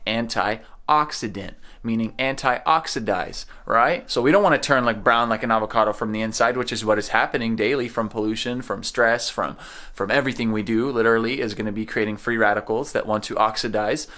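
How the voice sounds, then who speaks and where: A man's voice: fairly low pitch, fairly quick, bright, forceful tone. A man talking casually and energetically to the camera about his food, repeating words for emphasis. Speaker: food vlogger. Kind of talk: casual vlog chat. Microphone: phone camera.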